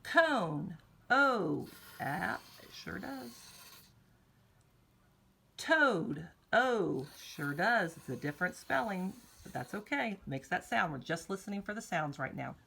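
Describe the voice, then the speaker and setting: A woman teaching kindergartners phonics, slowly drawing out vowel sounds in an encouraging, sing-song way and speaking straight to the children. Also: lowish voice, sing-song, vocal fry, pushed and bright, breathy edge. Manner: encouraging, talks directly to children. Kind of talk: recorded morning meeting lesson for young children.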